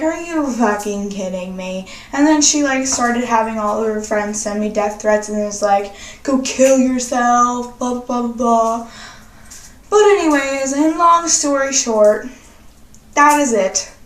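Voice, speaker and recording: A young woman with a slightly high voice talks slowly and sassily, swearing freely as she chats to her viewers. She sounds set back from the mic, and the room's echo rings around her words. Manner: sassy and profane, chatty. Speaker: vlogger. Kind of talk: casual confessional chat. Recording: roomy echo, distant from mic.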